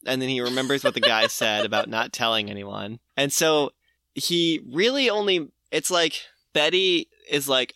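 A man's voice: mid-range voice, normal speed, sharp tone, no room sound, studio quality. A man co-hosting a casual comedic podcast, animatedly retelling a comic plot with laughter and swearing. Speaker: podcast co-host. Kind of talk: casual comedic recap chat.

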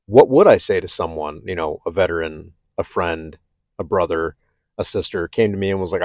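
A man talking candidly and haltingly about his own struggles, with many restarts. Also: low-pitched, darkish tone, no room sound, clean studio sound. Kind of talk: personal reflective talk.

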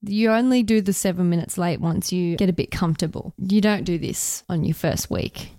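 Chatty young woman with a mellow voice. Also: lowish voice, normal speed, dry recording, clean studio sound. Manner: chatty, laughs often, deadpan delivery of enthusiastic words. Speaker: podcast co-host. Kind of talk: casual chat.

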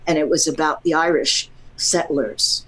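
A woman who teaches voiceover, chatting casually and telling lively stories with frequent laughter. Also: low-pitched, unhurried, poor audio. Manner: animated storyteller, laughs often. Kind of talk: casual panel chat.

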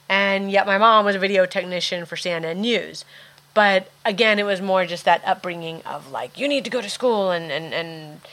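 A woman's voice: medium pitch, fairly bright tone. A woman talking candidly as an interview guest, swearing casually and often restarting her sentences.

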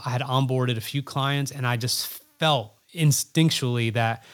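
A man speaking as a guest on a podcast, his voice sitting at an ordinary middle pitch. He talks in a casual, earnest way, reflecting as he goes and repeating words to drive a point home. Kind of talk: casual interview talk.

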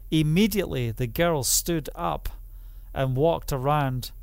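A man preaching a sermon, emphatic and repetitive, who builds up to loud exclamations. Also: on the high side, lively intonation, unhurried, vocal fry, no echo.

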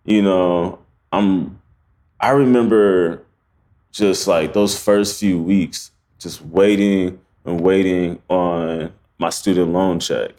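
A man with a somewhat low voice, a photographer guesting on a podcast. He tells his story in loose street slang, full of fillers and restarts, and acts out the scenes with animation. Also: fairly even intonation, takes it slowly, dark tone. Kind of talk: casual storytelling interview.

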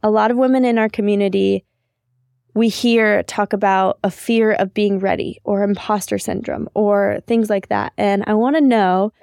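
A woman's voice: mid-range voice, dark tone, dry recording, studio quality. A woman hosting a podcast, asking the guest questions and responding encouragingly. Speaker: podcast host. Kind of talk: interview questions.

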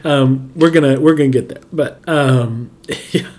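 A man's voice: unhurried, a little mellow. Male co-host, giggly storyteller, retells scenes with lots of laughs. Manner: giggly, quotes characters in lowered voices. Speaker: podcast co-host. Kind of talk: casual chat recapping a TV episode.

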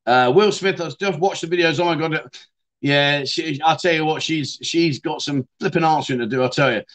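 A middle-aged man with a Yorkshire accent, casually chatting on his livestream and reading out viewer comments, calling people mate and my friend, often trailing off softly. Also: fairly high pitch, normal speed. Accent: Yorkshire English. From England. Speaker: livestream host.

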